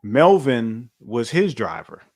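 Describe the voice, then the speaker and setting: A man's voice: mid-range voice, very animated, slow pace. Chatty man talking things through. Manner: loose, conversational, many fillers and restarts. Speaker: podcast co-host. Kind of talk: casual chat.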